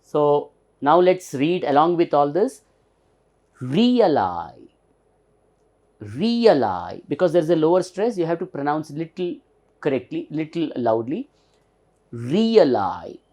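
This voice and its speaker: A man's voice: on the high side, normal speed, a little mellow. A man with an Indian English accent teaching pronunciation, patiently spelling words letter by letter and repeating them for emphasis. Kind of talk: recorded pronunciation lesson.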